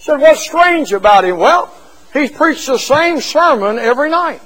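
High-voiced man preaching a sermon. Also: expressive, measured pace, low-quality recording. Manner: storytelling, with shouted climaxes.

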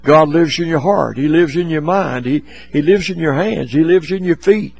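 A man's voice: fairly high pitch, normal speed, vocal fry, rough recording. A man preaching a sermon in a folksy, plain-spoken way, often repeating his words.

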